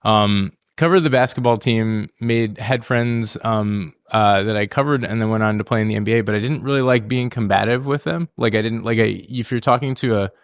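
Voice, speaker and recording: A man's voice: on the low side, brisk, few pauses, clean tone, dry recording, clean studio sound. A man who teaches journalism, talking casually and rambling to students on a panel. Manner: casual, rambling, many fillers. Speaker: journalism educator.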